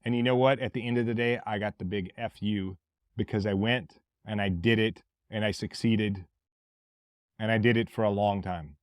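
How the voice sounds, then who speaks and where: A man from Mississippi with a Southern accent, hosting a podcast as a blunt, forceful motivational monologue with plenty of swearing. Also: lowish voice, steady tone, moderate pace, no echo, studio quality. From Mississippi, USA. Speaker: podcast host.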